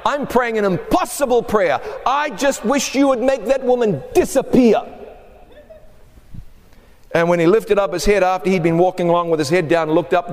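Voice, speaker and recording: Male pastor with a high voice preaching in a big echoing hall. Talks to the crowd in a chatty way and presses his points hard. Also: a little mellow. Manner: conversational, emphatic, acts out quoted voices. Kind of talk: sermon.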